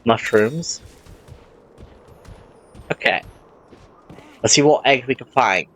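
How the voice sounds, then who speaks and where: Brief: male gamer, loose chatty playthrough commentary, self-correcting, average pitch. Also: expressive, slow pace, a bit bright, slight background noise. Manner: rambling, often corrects himself mid-sentence. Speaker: let's play host. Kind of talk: casual gameplay commentary.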